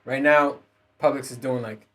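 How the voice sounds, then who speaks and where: A man's voice: medium pitch, steady tone, moderate pace, fairly bright tone. Male podcast host, mid-range voice, casual profane solo rant, rambling and laughing. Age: adult parent.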